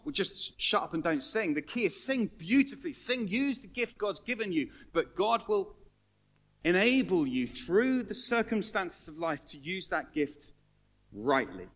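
A man preaching a sermon, his pitch leaping and dropping with lively energy. His voice sits a little high for a man, and he moves between hushed asides and loud, emphatic lines while acting out the people he quotes. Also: a little slow. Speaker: pastor.

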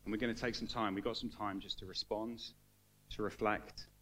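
A man preaching a sermon to a congregation, earnest and emotional, building to fervent emphasis and then falling quiet. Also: lowish voice, level tone, moderate pace. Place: church hall with congregation.

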